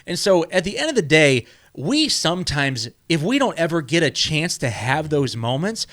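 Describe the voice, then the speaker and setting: A man's voice: fairly high pitch, very animated, normal speed, a bit bright. A man hosting a podcast, talking in a casual, motivational way. He rambles, repeats his words and keeps checking in with "right?". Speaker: podcast host.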